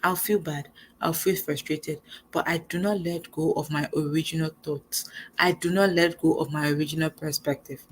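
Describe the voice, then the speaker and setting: A young woman giving a casual motivational talk as host, animated and conversational. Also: sits low, normal speed, slight background noise. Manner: animated, conversational, acts out quoted lines.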